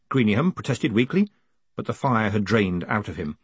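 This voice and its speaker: A man narrating a comic fantasy audiobook with expressive, dryly witty delivery. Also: on the low side, moderate pace, slightly rough, dry recording. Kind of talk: scripted narration.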